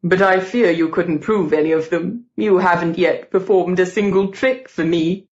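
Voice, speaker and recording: A woman's voice: fairly low pitch, moderate pace, darkish tone, highs cut off, lightly acted. A woman voicing a stout, jovial old lord with a pompous, slightly uneasy way of talking.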